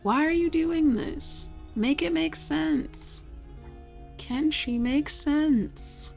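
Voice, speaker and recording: A woman with a higher-pitched voice talks to herself at her computer while she plays, exasperated and swearing as things go wrong. Faint game music sits behind her. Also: extremely slow, gravelly, darkish tone. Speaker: gaming streamer. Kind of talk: casual chat while playing a computer game.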